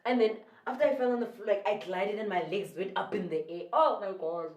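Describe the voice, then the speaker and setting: A woman's voice: mid-range voice, brisk, far from the mic. Rambling South African woman in echoey room. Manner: rambling, excitable, often corrects herself. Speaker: YouTuber. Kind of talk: casual storytime. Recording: echoey room, voice away from the mic.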